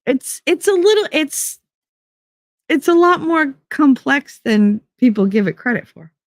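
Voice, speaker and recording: A livestream podcast host from the United Kingdom chats casually while reading live comments, his pitch swinging in a lively way. He's animated and chatty with sarcastic asides, a little slow, and the sound is dry and close with no echo.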